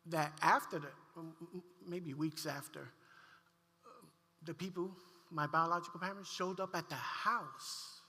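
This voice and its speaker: A male pastor with a high, gravelly voice tells a heartfelt story from the pulpit, restarting his sentences as he goes. His tone is bright and forceful, and it rings out with a long reverb through the church hall. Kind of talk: sermon storytelling. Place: church sanctuary.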